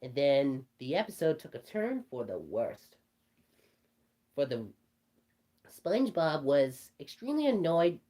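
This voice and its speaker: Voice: medium pitch, sing-song, a little slow, pauses often, dark tone. Someone doing Bugs Bunny, rambling storyteller. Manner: rambling, stumbling restarts. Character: cartoon rabbit telling a creepy story. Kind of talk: storytelling in character.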